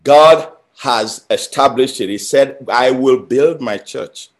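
A man preaching a sermon, emphatic, building phrases through repetition and swinging between loud and quiet. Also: medium pitch, takes it slowly. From Nigeria. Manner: emphatic, with rising and falling intensity and repeated phrases.

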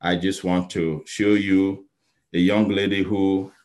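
A man from Nigeria preaching a sermon, telling a story with sudden loud exclaims and soft pleading passages. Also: low voice, level tone, takes it slowly.

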